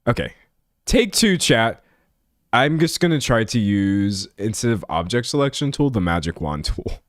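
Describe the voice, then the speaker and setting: A young man streaming live, chatting with his viewers in a joking, self-mocking way. His pitch jumps around a lot. The sound is dry and close, with hardly any room around it. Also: very animated, moderate pace, no echo. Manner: self-deprecating, chatty, laughs often. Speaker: livestreamer. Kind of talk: casual live-stream chat while editing.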